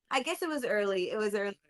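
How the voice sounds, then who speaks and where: A woman co-hosting a casual chat, reacting to stories with slow, amused remarks. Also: mid-range voice.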